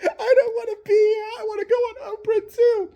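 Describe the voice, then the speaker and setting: A woman's voice: very high-pitched, level tone, brisk, warm tone, voice pushed up. Woman doing a sobbing self-pitying prince. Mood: whimpering. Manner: whimpering, sobbing. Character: whiny crying grown prince, self-pitying.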